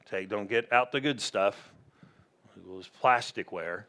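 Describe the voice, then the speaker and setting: A man preaching, voicing an imagined God who fusses quietly over a dodgy guest in a mock-grumbling tone. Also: lowish voice, a little slow, voice pushed down.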